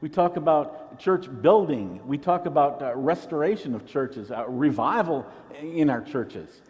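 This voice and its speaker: A man's voice: a little high, lively intonation, measured pace, big-room sound, lo-fi sound. A man pastor preaching a sermon, teaching in an earnest way and often repeating a word as he restarts.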